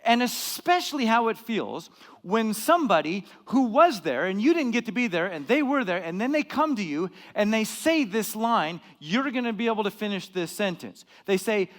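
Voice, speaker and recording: A man preaching a sermon as pastor, dramatic and lively, acting out quoted lines and getting louder for emphasis. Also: normal speed. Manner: dramatic, acts out quoted lines, rises in pitch and volume for emphasis. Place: church hall. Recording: long hall reverb.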